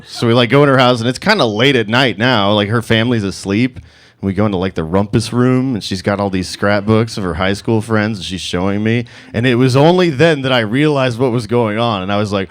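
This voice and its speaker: A man's voice: mid-range voice, brisk. A man in his thirties telling a comic personal story to a live audience, laughing through his lines as he mocks himself.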